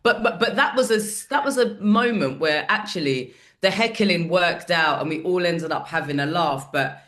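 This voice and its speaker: Sweary, animated woman. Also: on the low side, moderate pace. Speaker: comedian guest. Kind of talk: casual podcast chat.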